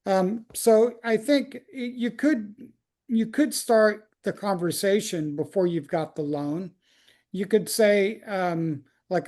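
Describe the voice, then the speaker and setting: A man's voice: high voice, slow pace, darkish tone. Chatty man hosting a lending roundtable. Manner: loose, chatty, lots of likes and ums. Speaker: host. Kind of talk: casual webinar talk.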